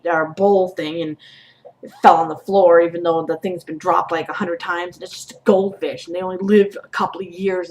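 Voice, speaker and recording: A woman with a young son vents casually, cursing freely and swinging from quiet asides to loud outbursts. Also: fairly low pitch. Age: adult with a child. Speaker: vlogger. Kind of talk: casual venting vlog.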